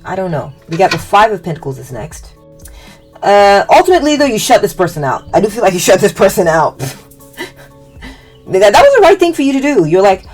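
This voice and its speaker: A woman's voice: medium pitch, big pitch swings, a little fast, darkish tone, faint music behind. A woman giving a casual tarot reading, rambling and hesitant, often acting out what people might have said. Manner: rambling, hesitant, restarts and fillers, acts out quotes. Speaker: tarot reader.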